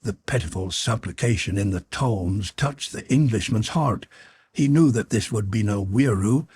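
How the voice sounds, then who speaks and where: A man narrating an audiobook with measured, dramatic storytelling. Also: fairly low pitch, animated, darkish tone, breathy edge, no echo, studio quality.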